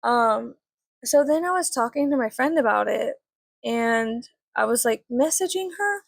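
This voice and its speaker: A woman chats through a personal story while doing her makeup, rambling and swearing as she goes. Her voice sits a little high with a gravelly fry. The sound is dry and close. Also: animated, a little slow, no room sound. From Mexican family. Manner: chatty, swears often, filler-heavy, rambling. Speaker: vlogger.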